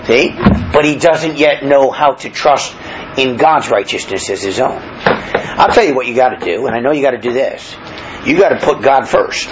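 A man's voice: mid-range voice, normal speed, highs cut off, background noise. A man preaching a verse-by-verse Bible sermon, calling out for amens and often restarting his phrases with fillers. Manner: animated, calls for amens, many fillers and restarts.

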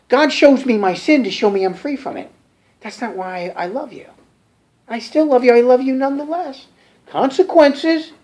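A middle-aged male preacher teaching a verse-by-verse Bible sermon, reading scripture aloud and then explaining it in plain, halting talk. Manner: repeats and restarts phrases with fillers; lively, swooping pitch.

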